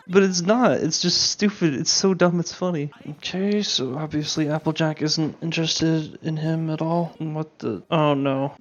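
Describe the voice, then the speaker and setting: A man's voice: on the high side, steady tone, normal speed, dull audio. A young man commenting on a cartoon episode as he watches, sarcastic and swearing, with lots of restarts and fillers. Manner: sarcastic, swears a lot, trailing restarts and laughs. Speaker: reaction channel host. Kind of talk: casual reaction commentary.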